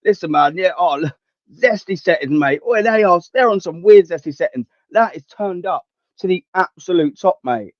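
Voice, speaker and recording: A man's voice: high-pitched, lively intonation, normal speed, no echo. A young man hosts a livestream, ranting bluntly and swearing as he talks with his viewers. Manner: blunt, sweary, slangy and heated. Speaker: livestream host. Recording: dull, dry lo-fi stream audio.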